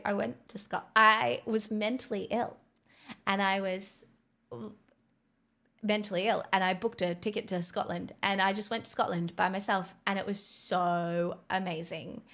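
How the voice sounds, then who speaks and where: A woman's voice: medium pitch, fairly even intonation, moderate pace, a bit bright. A woman livestreamer chatting casually on a headset mic, bubbly and rambling with self-mocking jokes.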